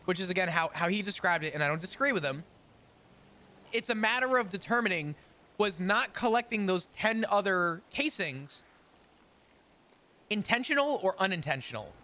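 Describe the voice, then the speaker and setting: A man's voice: high voice, animated, moderate pace, sharp tone, slight background noise. A man in casual roleplay chat, rambling through long explanations and laughing often. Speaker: roleplay character in a court case.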